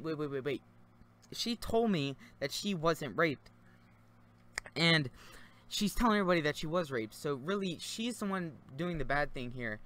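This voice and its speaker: Young male gaming commentator, slightly high pitch, loose rambling storyteller, swears freely, headset mic. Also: a bit bright. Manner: loose, rambling, swears casually, many fillers. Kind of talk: casual storytelling commentary over gameplay.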